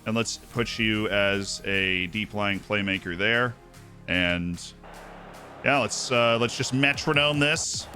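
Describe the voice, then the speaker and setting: A young man streaming himself playing a football management game, muttering asides and then shouting with delight when his team scores. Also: fairly low pitch, slow, soft background music. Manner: excitable, swings from mumbled asides to shouting at goals. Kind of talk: live gameplay commentary.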